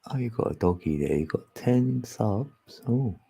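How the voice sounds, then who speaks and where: Cockney man, livestream host, dark husky low voice, chatty. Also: animated, unhurried. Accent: Cockney, East London. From England. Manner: chatty, chuckling, reads chat aloud. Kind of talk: casual livestream chat.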